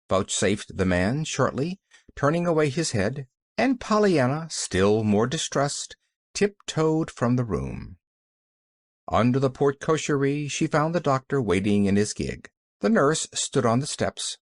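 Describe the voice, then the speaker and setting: A man narrating a classic novel as an audiobook, expressive and measured, on a close mic. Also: medium pitch, no room sound. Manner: expressive storytelling.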